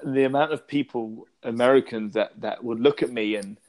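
A man's voice: mid-range voice, moderate pace, darkish tone. A middle-aged British man co-hosting a casual podcast, telling stories in a chatty way with frequent restarts and laughter. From Britain. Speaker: podcast co-host. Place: lives in Los Angeles.

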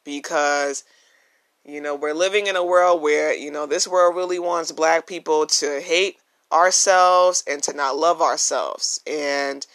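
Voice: medium pitch, fairly even intonation, unhurried, a bit bright. Earnest podcast host on a phone. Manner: earnest and emphatic, repeats key phrases. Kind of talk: casual solo podcast monologue. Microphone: phone, no microphone.

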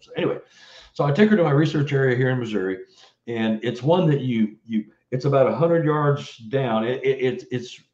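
Animated storytelling man, roomy dull audio. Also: on the low side. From Texas. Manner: animated, acts out quoted voices, many "you know" fillers. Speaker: guest investigator. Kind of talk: storytelling in an interview.

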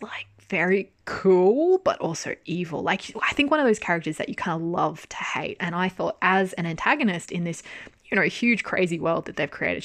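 A young woman chatting casually about a drama. She is animated, laughs often and swears. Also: lowish voice, dry recording. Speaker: drama reviewer. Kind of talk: casual chat.

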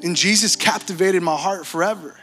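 A young man preaching, telling his story in an animated, casual way with slang and frequent laughter. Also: high voice, brisk. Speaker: pastor. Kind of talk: sermon testimony. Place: large church hall. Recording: church hall reverb with music.

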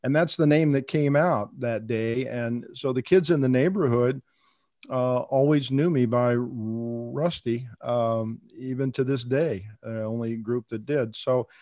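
A man's voice: medium pitch, a little slow, a little mellow, dry recording. An older man who grew up in Minnesota and Texas, a guest in an interview, telling his story reflectively with many fillers and some stuttering. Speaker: guest, veterinarian. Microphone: remote call.

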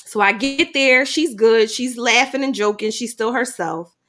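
A middle-aged woman, a guest, shares a personal story in conversation with a slightly high voice. She's animated at times, acting out dialogue in quick bursts, and goes quiet at the heavy moments.

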